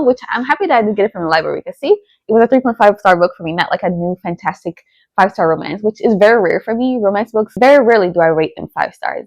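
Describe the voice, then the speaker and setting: A woman's voice: medium pitch, darkish tone, no echo. A young woman talking casually about books she has read, chatty, with lots of fillers like "like" and "you know". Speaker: book vlogger.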